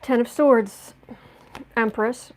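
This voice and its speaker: A woman talks through a tarot spread in a casual, musing way. She often restarts and repeats words as she thinks aloud, and her voice sits slightly high. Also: fairly even intonation, slow pace, darkish tone, slight background noise. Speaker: tarot reader. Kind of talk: casual tarot reading monologue.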